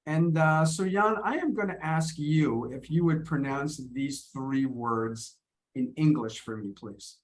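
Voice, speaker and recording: A man's voice: on the high side, measured pace, slight background noise. Man teaching on a video call. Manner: friendly, repeats words and restarts often. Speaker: English pronunciation teacher. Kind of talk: live online lesson.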